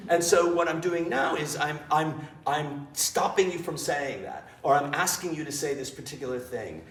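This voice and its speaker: A man, an improv teacher and director, telling animated, self-mocking stories in an interview. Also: a little high, moderate pace. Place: theater. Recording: roomy, distant mic with faint noise.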